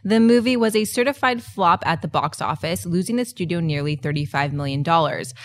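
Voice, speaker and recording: A woman presenting scripted movie news with a clear, even delivery. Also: lowish voice, brisk.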